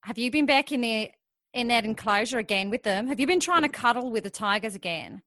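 A woman's voice: fairly high pitch, animated, a little fast, no echo, clean studio sound. A woman acting a conspiratorial schemer in an improvised comic soap. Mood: scolding. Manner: conspiratorial, drops to hushed tones. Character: scheming woman partner plotting a heist. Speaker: improv actor.

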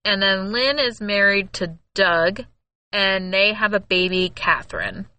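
A woman's voice: medium pitch, expressive, unhurried, bright, forceful tone, no echo. A young woman co-hosting a podcast in casual chat, chatty, with many fillers and frequent laughter. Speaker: podcast co-host.

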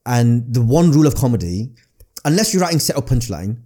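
A man with a Northern English accent, a comedian guest chatting casually on a podcast, talking quickly and restarting phrases with repeated words. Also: medium pitch, very animated, warm tone. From Northern England.

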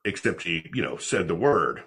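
A man, a podcast guest, telling a personal faith testimony in an animated way and acting out the dialogue. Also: sits low, normal speed, husky.

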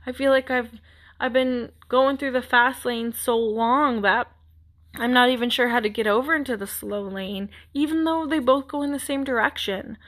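A woman's voice: fairly high pitch, normal speed, fairly bright tone. A young woman hosting a podcast, talking in a candid, rambling, encouraging way with many "like" fillers. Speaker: podcast host. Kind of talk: casual motivational monologue.

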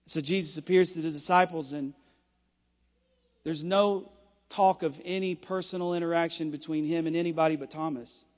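A man preaching a sermon with passion, rising at times to shouting. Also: fairly high pitch, steady tone, normal speed, in a large hall.

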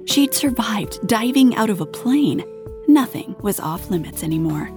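A woman narrating an erotic audio story in a soft, intimate voice that often drops to a half-whisper. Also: medium pitch, expressive, a little slow, music in the background.

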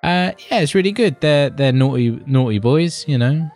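A man's voice: a little high, expressive, moderate pace, a little mellow. A British man co-hosting a podcast in casual chat. He rambles and swears, keeps calling his co-host buddy, and has faint music behind him.

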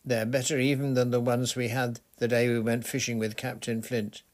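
A man's voice: mid-range voice, flat delivery, moderate pace, a little mellow, natural voice. A man voicing an earnest boy who leads the group as captain.

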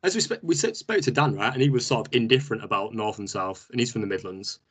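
A man's voice: lowish voice, fast, a bit bright, slightly rough. A young man with a Northern English accent, co-hosting a casual chat, full of slangy banter and mock outrage. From Northern England. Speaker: podcast co-host.

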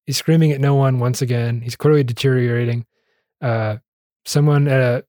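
A man in casual chat, retelling a movie plot with frequent laughs and quick acted-out lines. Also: mid-range voice, warm tone, no echo, clean studio sound. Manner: laughs often, acts out characters' lines. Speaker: podcast co-host summarizing a film.

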